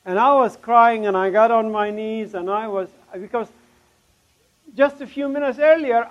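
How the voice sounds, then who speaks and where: A middle-aged man from Palestine giving an emotional testimony sermon, his voice surging loud on key words. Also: extremely high pitch, a little slow, muffled recording.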